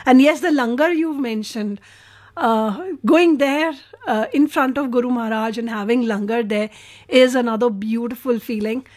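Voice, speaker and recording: A woman hosts a radio music show in a high, bright voice. She gushes sentimentally over listener messages and sounds openly moved by them. The chat flows in an effusive, heartfelt way. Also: moderate pace. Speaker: radio host.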